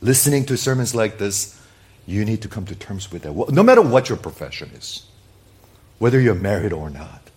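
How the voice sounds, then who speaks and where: A man preaching from the pulpit in a fairly low voice that leaps up and down with feeling. He hammers his points with rhetorical questions and calls out to his listeners directly, then lets his phrases sink into quiet, low endings. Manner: emphatic, piles up rhetorical questions, swings from loud peaks to quiet low endings; addresses listeners directly as "people". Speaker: pastor. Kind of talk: sermon.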